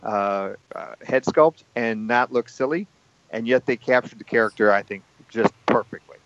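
A man co-hosts a relaxed podcast chat, weighing his opinions calmly. His voice comes through dry and slightly muffled, with no room sound. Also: medium pitch, moderate pace, no room sound. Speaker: podcast co-host. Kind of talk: casual chat.

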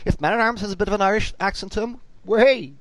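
A man hosting a casual podcast chat, excitable and talkative. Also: high-pitched, dry recording. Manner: lively, excitable, quick to laugh. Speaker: podcast host.

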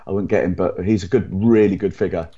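A man co-hosting a podcast in a relaxed, agreeable casual chat. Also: low voice, fast talker. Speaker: podcast co-host. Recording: dull lo-fi audio.

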